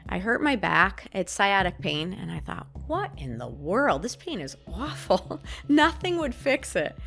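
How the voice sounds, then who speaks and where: A woman, a podcast guest, telling a personal story in an animated way and acting out the lines she quotes. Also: mid-range voice, unhurried, vocal fry, faint music behind. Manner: animated, acts out quoted dialogue.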